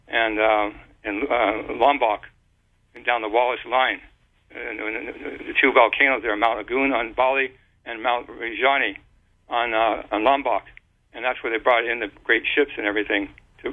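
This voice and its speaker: A man of average pitch talks on and on in a loose, explanatory way, tripping over words and circling back to restart them. His voice comes through a narrow, tinny phone line. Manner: rambling, halting with many restarts and fillers. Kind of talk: casual explanatory talk.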